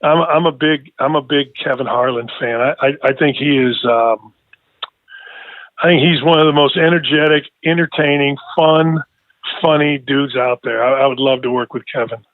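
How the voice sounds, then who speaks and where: A middle-aged man and radio host, talking as a guest on a podcast. He tells stories in a lively way, laughs often and repeats his words as he talks. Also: medium pitch, normal speed, dry recording. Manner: animated storytelling, laughs a lot, repeats words. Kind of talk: casual podcast conversation. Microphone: phone line. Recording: thin phone line.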